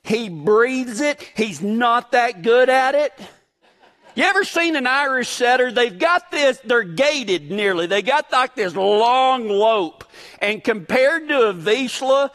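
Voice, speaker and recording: Very high-voiced, lively storytelling preacher. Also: male voice. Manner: animated, folksy, joking asides. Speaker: pastor. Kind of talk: sermon with humorous storytelling.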